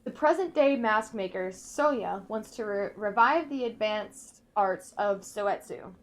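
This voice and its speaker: A woman playing a video game, reading in-game notes aloud slowly and carefully, breaking off now and then to comment. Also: medium pitch, expressive. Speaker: let's play gamer.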